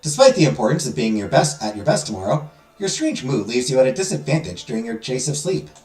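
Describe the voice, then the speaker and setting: A man's voice: mid-range voice, big pitch swings, quick pace, darkish tone. A man hosting a let's play, reading a visual novel aloud with dramatic storytelling and joking asides. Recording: roomy echo with music behind.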